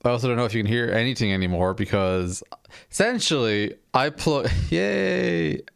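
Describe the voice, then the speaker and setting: A man's voice: lowish voice, expressive, a little fast, fairly bright tone, clean tone. A man casually chatting on a live stream while playing a game, rambling, self-deprecating and swearing offhand.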